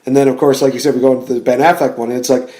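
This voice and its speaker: A man's voice: mid-range voice, little pitch movement, racing, dark tone. A man co-hosting a casual podcast, rambling with lots of filler words and laughing often. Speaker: podcast co-host. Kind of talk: casual chat.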